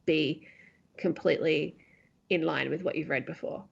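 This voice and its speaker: A woman co-hosting a podcast, jumping in with quick comments. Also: sits low, fairly even intonation, creaky, husky. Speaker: podcast co-host. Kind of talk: casual chat. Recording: dull lo-fi mic with faint noise.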